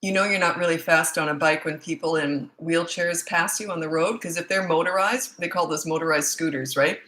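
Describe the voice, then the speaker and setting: Canadian lady parenting coach doing a live q&a, kinda low voice, chatty and blunt. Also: steady tone, a little fast, a bit bright, rough recording. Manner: chatty and frank, greeting viewers by place. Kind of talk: live-stream Q&A chat. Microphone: own set-up microphone.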